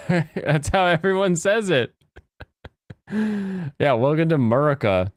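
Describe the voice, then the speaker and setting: An American man chatting casually with his live-stream audience, joking and breaking into high mocking voices. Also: expressive, slow, no echo, studio quality. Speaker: streamer reacting to chat.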